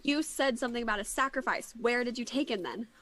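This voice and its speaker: A woman's voice: on the high side, fast, fairly bright tone, no echo. A woman player in a tabletop game, casually describing her character's actions with amusement.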